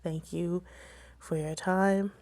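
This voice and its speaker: A woman's voice: on the low side, fairly even intonation, slow, darkish tone. A young woman telling a personal story to camera, emotional and tearful at times, with many fillers. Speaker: vlogger.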